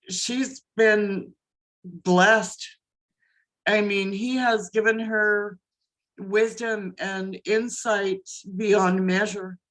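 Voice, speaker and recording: An older woman telling her family's story as a guest, in slow, earnest testimony. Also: medium pitch, fairly bright tone, rough recording. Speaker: guest, mother. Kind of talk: emotional personal testimony.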